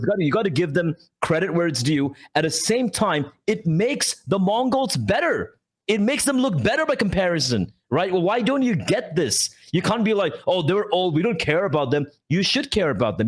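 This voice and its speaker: A man's voice: on the high side, slightly rough. A young man co-hosting a casual podcast, ranting with swearing and mock quotes. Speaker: podcast co-host.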